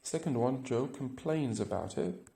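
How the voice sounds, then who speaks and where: With a warm, gravelly, creaky mid-range voice, an English teacher explains grammar expressively at a measured pace. He goes example by example, checking in with "right?", in a recording with a noticeable room echo.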